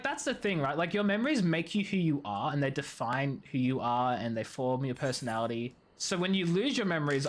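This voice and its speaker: A woman streaming a game, chatting in an animated, rambling way with lots of tangents and giggling. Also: deep voice. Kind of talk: gaming stream commentary.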